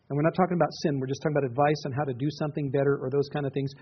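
A man's voice: on the high side, steady tone, very fast, slightly rough. A middle-aged man preaching a sermon in an earnest, conversational way, often restarting his sentences. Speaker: pastor. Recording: dull, muffled lo-fi recording.

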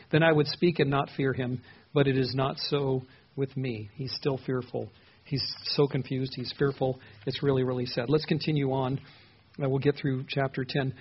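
A man with a somewhat raised, husky voice teaches a Bible passage in a conversational way. He asks his listeners questions and repeats words as he thinks aloud. The recording sounds muffled and lo-fi. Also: on the high side. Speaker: pastor.

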